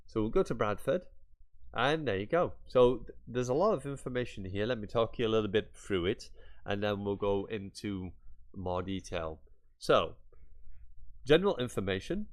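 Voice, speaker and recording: A man with a somewhat low voice walks viewers through a website in a casual screen-share tutorial. He talks in a chatty, rambling way and drops in mock-exasperated asides as he clicks around. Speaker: YouTuber.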